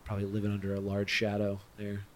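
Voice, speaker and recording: A man hosting a casual podcast interview, reacting with quick remarks and mild swearing. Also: on the low side, monotone. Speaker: podcast host.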